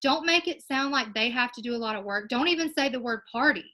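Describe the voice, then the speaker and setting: A woman's voice: on the high side, fast, sharp tone, low-quality recording. A young woman giving her sales team a casual, encouraging coaching talk, with plenty of ums along the way. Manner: upbeat and encouraging, with many ums. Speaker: direct sales team leader.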